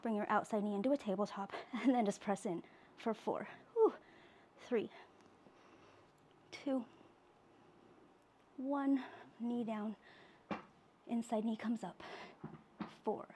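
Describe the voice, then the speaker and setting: A woman's voice: fairly high pitch, slow pace, long pauses, darkish tone, a little hiss or hum. A woman leading a pilates workout class, giving exercise cues while she works out herself and gets out of breath. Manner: cueing exercises while working out, breathy exhales. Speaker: pilates instructor.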